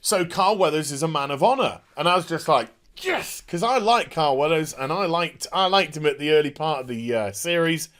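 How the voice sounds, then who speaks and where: A man casually recapping a TV episode, excitable and full of scene retellings. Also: on the high side, fairly quick, hardly any pauses. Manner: excitable, retells scenes with rough impressions and sound effects. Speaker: TV show reviewer.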